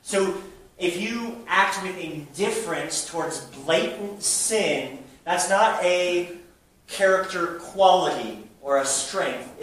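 In a church sanctuary, a male pastor with a slightly high, fairly bright voice preaches emphatically to his flock, posing rhetorical question after rhetorical question. Heavy echo and faint noise suggest the mic was far from him.

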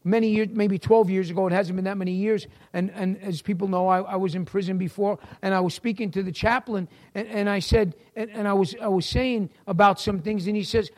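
A man's voice: high voice, steady tone, brisk, few pauses. A middle-aged man with a New York accent teaching a church class in a folksy sermon style, talking to listeners by name.

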